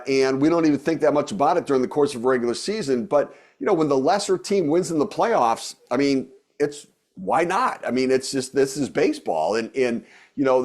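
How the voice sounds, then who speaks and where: A man's voice: medium pitch, a little mellow. A middle-aged man talking as a podcast guest in a loose, rambling way, with many fillers and restarts. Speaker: guest, former baseball executive and radio host. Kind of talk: casual podcast interview.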